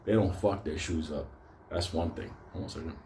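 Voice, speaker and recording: A man with a New York accent telling a wild story with constant swearing, getting loud and excited at the scary parts. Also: deep voice, a little fast, echoey room, a little hiss or hum. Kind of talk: profane comic storytelling.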